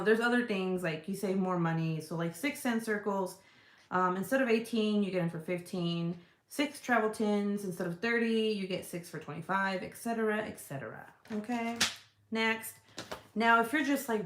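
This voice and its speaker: A woman's voice: mid-range voice, normal speed. A woman chatting casually to her viewers about products she sells, swearing freely, rambling and laughing as she goes. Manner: profane, rambling and laughing, talks straight to viewers. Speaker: online seller of home fragrance products. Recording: roomy echoey room sound.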